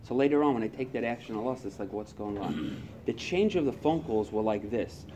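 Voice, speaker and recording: A man speaking to a recovery group, animated, acting out his own inner voice and past phone calls. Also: lowish voice, brisk, lo-fi sound, noisy background.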